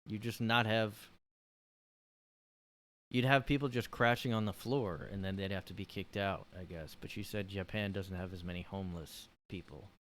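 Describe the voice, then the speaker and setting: A man's voice: lowish voice, fairly even intonation, moderate pace, fairly bright tone, slight background noise. Rambling, joking podcast host guy. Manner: rambling and joking, lots of fillers. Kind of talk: casual solo podcast chat. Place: his room.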